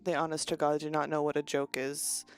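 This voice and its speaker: A woman streamer chatting casually with her viewers, with a deadpan delivery. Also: low-pitched, a little fast, smooth, soft background music. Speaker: VTuber streamer. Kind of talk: casual chat.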